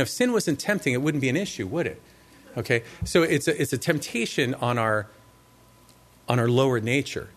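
Male pastor, middle-pitched voice, conversational teaching sermon with frequent rhetorical questions. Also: slightly rough. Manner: explanatory, teaching pace. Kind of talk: expository sermon.

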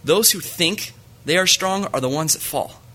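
Earnest man preaching with a bright voice. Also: on the high side, normal speed, a little hiss or hum. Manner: earnest, reads scripture aloud. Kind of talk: sermon.

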